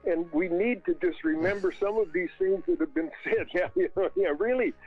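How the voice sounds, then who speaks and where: Man, caller, high voice, hesitant, halting, dry tinny phone line. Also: no room sound, faint music behind. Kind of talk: call-in phone chat.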